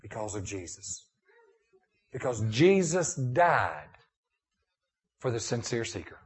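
Male preacher, sermon delivery, emphatic to hushed, middle pitch. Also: big pitch swings, takes it slowly. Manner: preaching with rising and falling intensity, dropping to a hushed prayer. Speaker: pastor.

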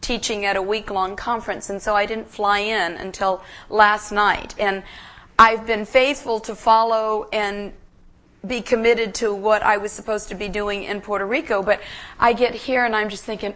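A woman guest preacher giving an emotional, earnest sermon in a church, halting and restarting as she speaks. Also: medium pitch, steady tone, a bit bright.

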